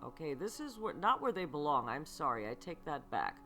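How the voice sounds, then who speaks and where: A woman hosting a spiritual self-help podcast, speaking slowly and earnestly, asking the listener rhetorical questions and checking in with "okay". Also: low-pitched, sing-song, fairly bright tone, faint music behind. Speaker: podcast host and psychic reader.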